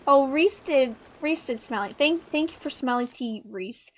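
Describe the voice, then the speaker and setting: Young woman streamer, high voice, chatty and giggly commentary. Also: expressive, measured pace. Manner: chatty, playful, giggly asides. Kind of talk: live game stream commentary.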